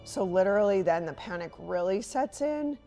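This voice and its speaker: A woman in a documentary interview, retelling events in a subdued, quiet way. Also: medium pitch, expressive, moderate pace, faint music behind.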